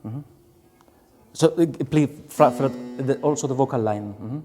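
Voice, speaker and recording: A man with a Spanish accent, a conductor coaching a singer in a master class, halting and searching for words, singing phrases to show what he means. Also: medium pitch, mellow, soft background music. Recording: hall reverb, faint room noise.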